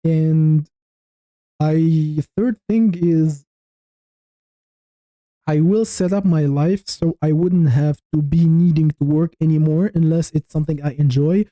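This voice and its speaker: A frank man in his thirties from Tunisia, rambling through a casual livestream chat with viewers and restarting his sentences as he thinks aloud. His voice sits a little high but sounds very dark and mellow, and the recording is dry and close. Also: fairly even intonation, slow, no room sound, poor audio. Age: 30s. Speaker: YouTube livestreamer.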